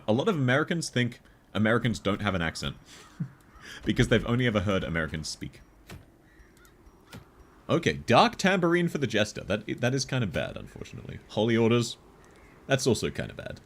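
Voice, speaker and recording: A man's voice: brisk, pauses often. A man streaming a game, chatting casually with viewers and laughing often. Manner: chatty, laughs often, lively rises in pitch.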